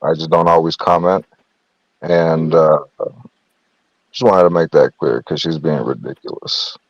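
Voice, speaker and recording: A man speaks up on an online panel, hesitant and filler-heavy with an apologetic edge. His voice is very deep. The sound is dry and dull. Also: fairly even intonation, unhurried, no echo. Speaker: panel guest. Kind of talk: casual panel chat.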